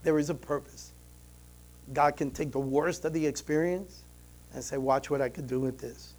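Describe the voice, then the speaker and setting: A man preaching to his congregation in an earnest, storytelling way, his voice sitting a little higher than most men's. He swings between loud, emphatic passages and hushed, quiet ones, while soft instrumental music plays faintly behind him. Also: fairly even intonation, normal speed. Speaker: pastor. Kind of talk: sermon.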